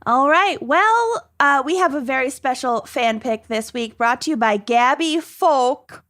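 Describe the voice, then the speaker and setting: A woman's voice: high-pitched, lively intonation, unhurried, fairly bright tone. A woman co-hosting a podcast in playful, casual chat. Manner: playful, giggly banter. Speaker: podcast co-host.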